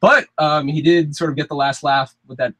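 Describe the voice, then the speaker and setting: A man's voice: a little high, fairly even intonation, normal speed, fairly bright tone, no room sound. Chatty young man on college radio. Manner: chatty, laughs often, trails off. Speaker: co-host. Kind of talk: casual sports radio chat. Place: radio studio. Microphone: studio mic.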